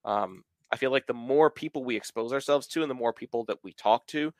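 Talking a little fast in a medium-pitched voice, a man from the American South in his thirties chats casually and at length as a podcast host, leaning on filler words. The recording is dry.

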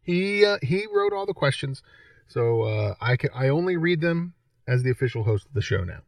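A man's voice: mid-range voice, lively intonation, moderate pace, dry recording, distant mic. A man hosting a game show segment on a sports podcast, joking and reading quiz questions aloud. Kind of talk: casual podcast banter.

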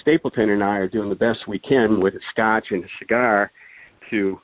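A low-pitched man settles into a rambling, chuckling story as a podcast guest, full of asides and fillers. His voice comes through a thin, phone-like line with no room sound at all. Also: fairly even intonation, moderate pace, dry recording. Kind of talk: casual anecdotal storytelling.

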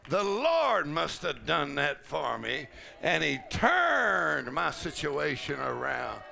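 Gravelly, high-pitched preacher laughing loudly. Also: male voice, very animated, extremely slow. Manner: preaching with bursts of laughter and shouting. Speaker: pastor. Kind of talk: charismatic sermon. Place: large conference hall.

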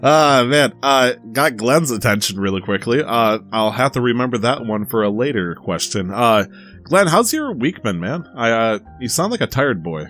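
A man in his casual podcast-host voice, joking and teasing his friends with easy laughs. His pitch sits in the middle range. A faint bed of music plays under the talk. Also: very animated, normal speed, fairly bright tone. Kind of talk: casual chat.

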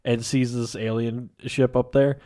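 A man's voice: medium pitch, little pitch movement, measured pace, warm tone. A man casually discussing a film on a podcast, rambling and laughing often. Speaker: podcast co-host.

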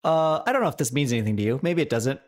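A mid-range male voice delivers rapid-fire talk as co-host of an easygoing comedy podcast. He tells animated stories and laughs frequently.

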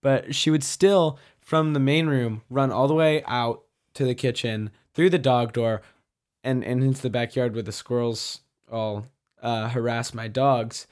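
Young co-host, fast and rambly, middle pitch, casual. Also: fairly even intonation. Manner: rambling, quick, self-interrupting. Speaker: podcast co-host. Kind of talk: casual chat.

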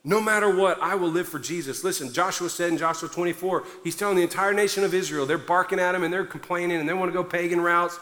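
Male pastor, fervent sermon, high bright voice, long hall echo. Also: fairly even intonation, quick pace, hardly any pauses. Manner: preaching loudly with fervent emphasis. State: somewhat out of breath. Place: large church hall before a congregation.

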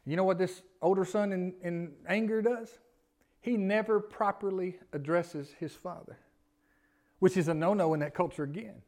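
A man's voice: high voice, moderate pace, pauses often. A man preaching a sermon in a church, folksy in manner and often asking his congregation questions. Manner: folksy, asks the congregation questions, pleading rises. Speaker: pastor. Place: church sanctuary.

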